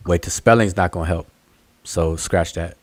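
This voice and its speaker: A man's voice: deep voice, normal speed, dry recording. A man hosting an online study group hangout, explaining patiently and thinking aloud over a video call. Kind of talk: casual online hangout discussion.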